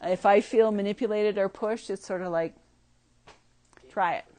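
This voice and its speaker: A woman's voice: mid-range voice, fairly even intonation, darkish tone, no room sound. Dry-sounding woman leading a workshop. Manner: halting, many fillers, laughs often. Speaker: workshop leader. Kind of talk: group discussion, teaching.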